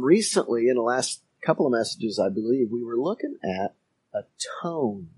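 A man preaching a sermon as a pastor, talking in a measured way with pauses and emphatic phrases. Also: mid-range voice, darkish tone, husky.

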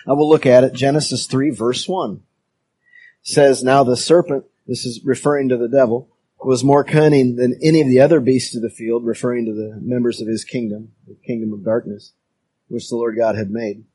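Husky-voiced man preaching a sermon. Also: medium pitch, fairly even intonation, mellow. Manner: measured preaching with many pauses and emphatic phrases. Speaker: pastor.

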